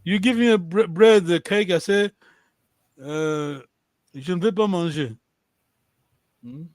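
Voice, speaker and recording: Man, language teacher, video call, higher pitch, dry close sound, patient and repetitive. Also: takes it slowly, darkish tone, no room sound. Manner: patient, repeats and checks understanding. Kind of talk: online language lesson.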